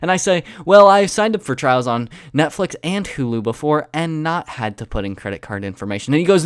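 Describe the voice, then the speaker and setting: A young man, a YouTuber, telling a story to his viewers in a sarcastic, deadpan way. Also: a little high, a little fast, few pauses, clean tone, no echo, clean studio sound. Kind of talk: casual storytelling vlog.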